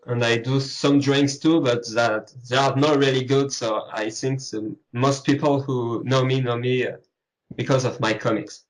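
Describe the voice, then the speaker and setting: A man's voice: medium pitch, steady tone, normal speed, poor audio. A man from France with a French accent, guesting on an interview, searching for English words. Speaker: guest artist. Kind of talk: casual interview chat.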